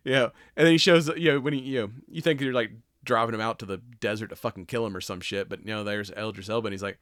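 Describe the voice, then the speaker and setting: A man's voice: fairly low pitch, quick pace, hardly any pauses, a bit bright, dry recording, studio quality. A man co-hosting a podcast, chatting casually and retelling movie scenes with lots of swearing and laughter. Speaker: podcast co-host. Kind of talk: casual chat.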